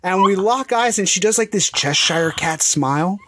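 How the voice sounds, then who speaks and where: A man in his twenties telling a story in casual chat, animated and swearing, acting out the quotes. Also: high-pitched, normal speed, heavy background noise. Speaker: storyteller guest.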